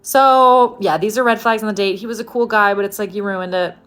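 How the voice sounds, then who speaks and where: A woman's voice: mid-range voice, fairly even intonation, a little fast, a bit bright, soft background music. A young woman telling a dating story in a chatty way, full of "like" and acted-out quotes. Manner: chatty, lots of "like" and quoted dialogue. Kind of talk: casual storytime.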